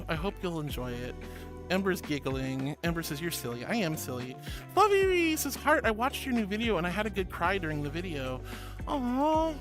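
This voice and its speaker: A woman streamer chatting casually and reading viewer comments aloud, bubbly, giggly and affectionate. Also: fairly low pitch. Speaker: streamer host. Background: background music.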